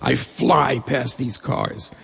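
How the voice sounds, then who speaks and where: Gravelly husky man telling a story. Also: mid-range voice, slow. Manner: lively, animated retelling. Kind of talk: personal storytelling. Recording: long reverb of a hall.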